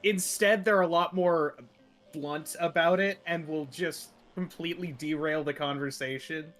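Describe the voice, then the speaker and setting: A man with a somewhat high voice explains things thoughtfully to friends, picking his words with small restarts. It is relaxed voice-chat talk. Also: unhurried, soft background music. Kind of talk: casual group chat.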